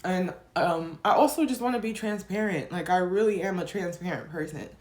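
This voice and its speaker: A woman's voice: lowish voice, a little fast, a little mellow. A young adult woman telling her personal story in a vlog, rambling with many fillers and restarts, tearful and emotional. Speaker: vlogger.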